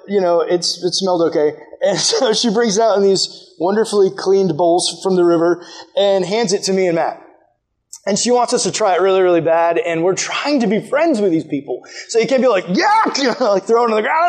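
A young American man telling a rambling, animated story to a room full of listeners, full of "like" fillers. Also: high-pitched. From United States. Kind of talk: storytelling talk to a group. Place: room with a live audience.

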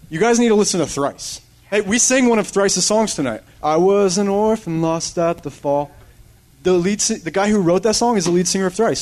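A man in his thirties preaching a sermon in a casual, rambling, animated way. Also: on the high side. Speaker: pastor. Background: soft guitar strumming.

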